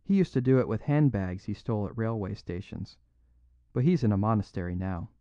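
A man's voice: on the low side, animated, brisk, no echo, natural voice. Male narrator doing a meek little priest, lilting and apologetic, dry dull recording. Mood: mild apologetic. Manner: simple, unaffected, gently apologetic. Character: mild, modest little English priest, apologetic.

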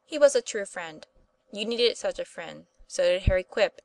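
A woman's voice: mid-range voice, lively intonation, no echo, close to an everyday voice, low-quality recording. A woman reading as a kindly patient schoolteacher. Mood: earnest. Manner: earnest, gentle, measured.

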